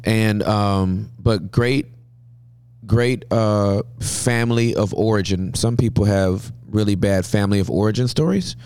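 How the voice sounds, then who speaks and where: A man in his forties from Southern California, a pastor telling stories as a guest in an interview, with a humorous, lively manner. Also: lowish voice, unhurried, clear, resonant tone, no room sound. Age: 40s. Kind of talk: interview storytelling.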